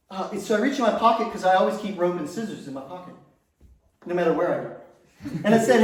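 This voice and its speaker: A man's voice: high-pitched, fast talker, pauses often. Man telling crude stories on a club stage. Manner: storytelling with self-amused laughs and crude punchlines. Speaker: stand-up comedian. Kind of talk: stand-up comedy set. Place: comedy stage before a laughing audience. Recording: echoey club room, voice from far off.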